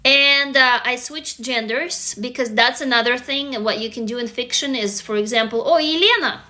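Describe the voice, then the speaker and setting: A woman's voice: a little high, moderate pace, pushed and bright. A woman from Russia, a native Russian speaker, earnestly coaching viewers on a live stream and often checking whether they follow. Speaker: livestream host and author. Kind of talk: casual live-stream talk. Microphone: phone.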